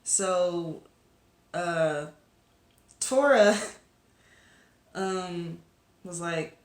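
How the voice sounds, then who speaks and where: A woman's voice: lowish voice, slow pace, long pauses, reverberant. A woman reviewing a webcomic episode to camera in a casual, rambling chat full of fillers and asides to her viewers.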